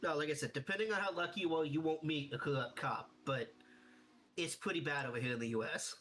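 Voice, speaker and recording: A man's voice: fairly high pitch, fast, fairly bright tone. A man chatting casually as a co-player, laid-back and teasing. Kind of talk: casual gameplay chat.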